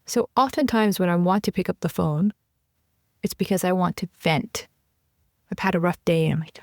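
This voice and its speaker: A woman's voice: fairly low pitch, moderate pace, darkish tone, no echo, studio quality. A woman hosting a podcast interview, affirming her guest and sharing personal anecdotes. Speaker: podcast host. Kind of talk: casual interview chat.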